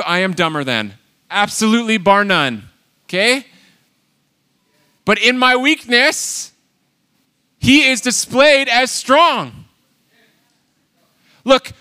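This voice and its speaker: A man preaching a sermon, animated and emphatic, swinging between loud exhortation and quiet asides. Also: high-pitched, smooth. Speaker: pastor.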